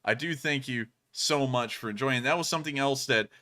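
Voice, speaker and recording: A man in his twenties co-hosting a live stream, chatting casually and rambling with lots of fillers and restarts, deliberately raising his pitch. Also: sharp tone. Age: 20s. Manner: speaks in a deliberately raised pitch. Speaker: stream co-host.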